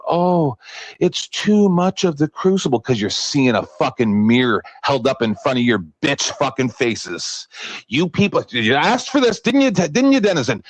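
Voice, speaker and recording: A man's voice: high-pitched, no room sound, rough recording. An older retired man ranting angrily at a stream panel, swearing and hurling insults. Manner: shouting insults, swearing constantly. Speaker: debate panelist. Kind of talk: angry profane rant.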